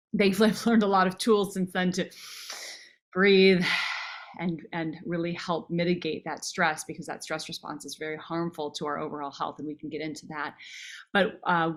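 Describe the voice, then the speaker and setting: A woman in her forties, speaking a little low, shares a personal story as an interview guest. She talks earnestly and with feeling, breaking off and restarting her sentences. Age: 40s. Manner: earnest and emotional, restarting phrases.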